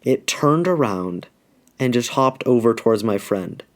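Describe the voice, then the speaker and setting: A man's voice: mid-range voice, lively intonation, a little slow. A man from Alaska telling a childhood story in a casual, rambling, slangy way, full of "like". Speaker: YouTuber telling a life story.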